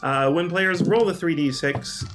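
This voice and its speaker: A man as game master, explaining the rules in a relaxed way with lots of ums and uhs. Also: fairly high pitch, a little slow, over music. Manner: relaxed, full of um and uh.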